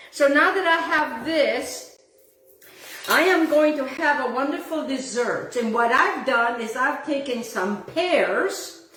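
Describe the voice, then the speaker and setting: Woman doing a cooking show at home, gushy, sings bits, kinda high voice, roomy echo. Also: a bit bright, recorded from a distance. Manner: effusive, gushing, sometimes sings phrases. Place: home kitchen. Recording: echoey room with faint background noise.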